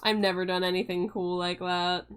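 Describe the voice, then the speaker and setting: A woman's voice: fairly low pitch, little pitch movement, moderate pace, clean tone. A young woman streaming live, chatting casually with viewers, giggling and restarting her phrases as she goes.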